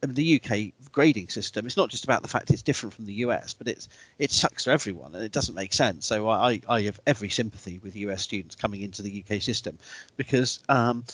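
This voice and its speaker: A man who lectures and hosts, talking in a casual interview with an animated manner and outbursts of exasperation. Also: lowish voice, fast talker, no echo, poor audio. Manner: animated, exaggerated rise on quoted lines. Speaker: lecturer and podcast host.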